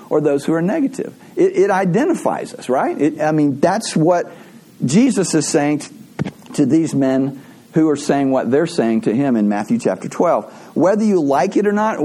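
A man's voice: a little high, a little mellow, husky. A man preaching a sermon in a conversational way, asking rhetorical questions and adding playful asides. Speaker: pastor.

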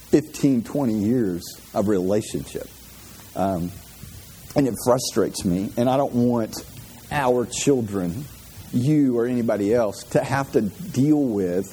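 A man's voice: mid-range voice, dark tone, a little hiss or hum. A man delivering a casual, conversational sermon with self-deprecating jokes and emotional, heartfelt moments. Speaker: pastor.

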